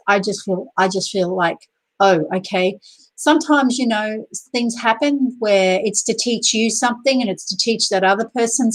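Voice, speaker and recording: A woman's voice: medium pitch, a bit bright, rough recording. An Australian woman chatting on a live video, rambling with many fillers and restarts and greeting viewers by name. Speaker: YouTuber hosting a live video. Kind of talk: casual live-stream chat.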